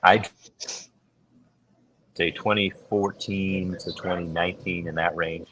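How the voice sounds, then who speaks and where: A middle-aged man chatting casually as a podcast co-host, telling stories and acting out quoted voices with big jumps in pitch. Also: steady tone, takes it slowly, a bit bright, slight background noise, low-quality recording. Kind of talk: casual chat.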